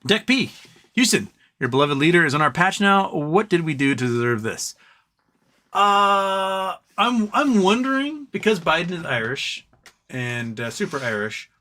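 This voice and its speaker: Bright-voiced man hosting a casual livestream. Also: a little high. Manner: rambling, reads viewer comments aloud, frequent ums. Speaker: livestream host. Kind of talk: casual live-stream chat.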